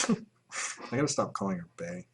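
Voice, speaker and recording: A man's voice: low-pitched, animated, normal speed, fairly bright tone, a little hiss or hum. A man chatting casually on a livestream, answering questions from chat in a rambling, profane way and laughing often.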